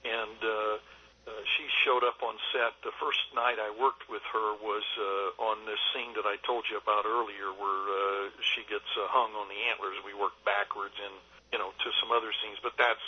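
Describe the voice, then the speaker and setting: An older man, a film director, telling anecdotes in a radio interview, halting with many fillers and restarts. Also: lowish voice, husky. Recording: dull lo-fi radio line.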